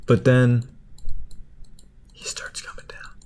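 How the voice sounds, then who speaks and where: A man's voice: takes it slowly, a little mellow, whispered. Male creator, casual meandering retelling, chuckly, filler-heavy delivery. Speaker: video creator. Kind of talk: casual rambling plot retelling.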